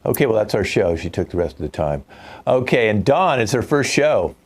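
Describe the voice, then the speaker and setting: Deep-voiced older man hosting improv. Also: sing-song, fairly quick, slightly rough. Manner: joking, rambling, dry asides. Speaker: improv show host. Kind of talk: live improv hosting on a video call. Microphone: video call mic.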